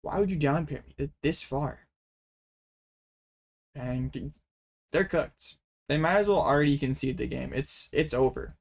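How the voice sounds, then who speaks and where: A young man giving casual gameplay commentary as a card game YouTuber, excitable and full of dramatic mock complaints. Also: a little high, a little slow, gravelly, pauses often.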